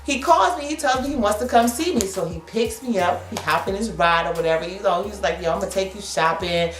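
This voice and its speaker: A woman in her thirties telling a story to camera in a slangy, animated way, laughing often. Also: medium pitch, fairly quick, reverberant, faint music behind. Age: 30s. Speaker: vlogger. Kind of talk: casual storytelling.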